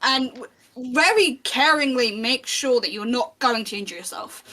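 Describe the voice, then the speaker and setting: Bright, chatty woman game master. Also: on the high side, lively intonation, normal speed, low-quality recording. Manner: chatty, lots of ums and restarts. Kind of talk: narrating a tabletop game.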